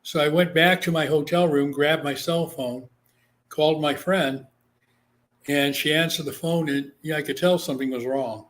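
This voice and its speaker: A man's voice: on the high side, moderate pace. Man from Guam telling a story. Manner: animated, acts out quoted voices. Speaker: psychic medium guest. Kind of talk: casual storytelling interview.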